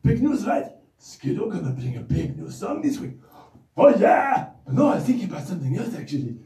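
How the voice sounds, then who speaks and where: A man putting on a voice for an excitable, boastful male character who speaks in childlike broken phrases and calls himself by name. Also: sits high, a little fast, pitched above the performer's own voice. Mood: boastful excited. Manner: talks about himself in the third person, loud and gushing. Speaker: regular character of a children's Bible show. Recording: roomy echo, distant mic.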